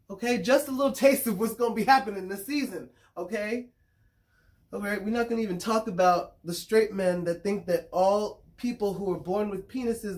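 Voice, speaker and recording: A woman speaks to her viewers in a loose, unscripted monologue, frank and unfiltered with plenty of swearing. She repeats words as her thoughts catch up and keeps checking that her listeners are with her. Her voice sits in an ordinary middle pitch. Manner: confiding, checks in with listeners often. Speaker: spiritual consultant and vlogger. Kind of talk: casual monologue to camera.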